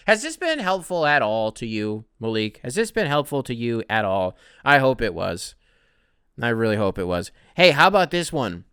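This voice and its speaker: A man's voice: medium pitch, big pitch swings, a little fast, bright, forceful tone, clean tone, no room sound. A man hosting a casual solo podcast who answers listener emails in a rambling, profane, conversational way, close to the mic. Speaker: podcast host.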